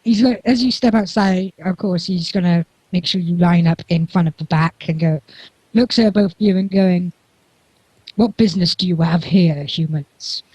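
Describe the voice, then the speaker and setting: A man's voice: sits high, moderate pace, a little mellow, breathy edge, no room sound, low-quality recording. A man running a tabletop game as game master, chatty and laughing often.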